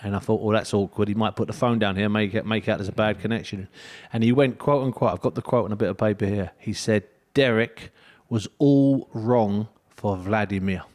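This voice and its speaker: A man's voice: fairly low pitch, fairly even intonation, quick pace, few pauses. A man presenting a radio boxing show, interviewing his guest in a friendly, bantering way.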